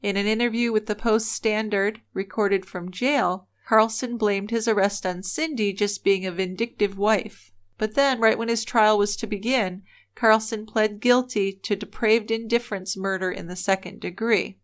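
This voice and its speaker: A woman's voice: medium pitch, steady tone, normal speed. A woman co-hosting a true-crime podcast, telling the case in an earnest, opinionated way. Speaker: podcast co-host. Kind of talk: casual true-crime storytelling.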